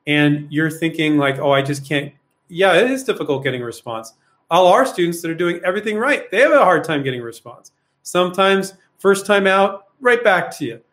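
A man hosts a casual live question-and-answer session, coaching viewers bluntly. He rambles, fills pauses with "um" and fires off rhetorical questions. His voice sits a little high for a man. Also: expressive, a bit bright.

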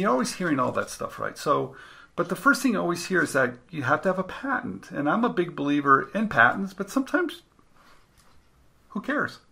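A man's voice: medium pitch, creaky, bright, forceful tone. A man hosting a casual interview, telling stories and acting out the dialogue in them. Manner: storytelling, acts out quoted dialogue. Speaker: interview host, inventor.

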